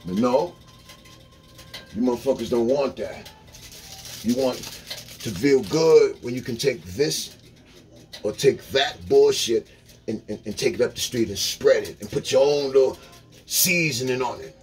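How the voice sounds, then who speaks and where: A man's voice: mid-range voice, moderate pace, darkish tone, faint music behind, poor audio. A man ranting bluntly, swearing hard. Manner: blunt, preachy, swearing, repeating words for emphasis. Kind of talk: profane ranting monologue.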